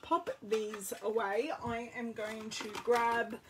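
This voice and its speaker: A woman's voice: fairly high pitch, flat delivery, takes it slowly, heavy background noise. An Australian woman giving a casual live card-making demo, chatting with viewers as she works. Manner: chatty, greets live viewers while working. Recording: distant, off-mic sound.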